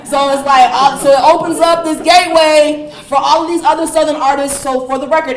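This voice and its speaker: A woman giving a university lecture, telling the story in a lively, animated way with frequent laughter. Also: high-pitched, brisk, few pauses, recorded from a distance, a little hiss or hum. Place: lecture room. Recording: roomy hall sound.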